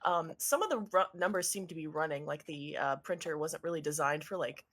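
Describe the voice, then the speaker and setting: A woman game master narrating a tabletop game, her voice sitting a bit low. She talks chatty and loose, with lots of ums and laughs. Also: a little fast, fairly bright tone.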